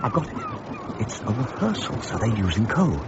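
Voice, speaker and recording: A man's voice: mid-range voice, huge pitch swings, normal speed, highs cut off, noisy background. An actor playing an anxious young English yachtsman in a radio drama, worried and agitated. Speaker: companion character.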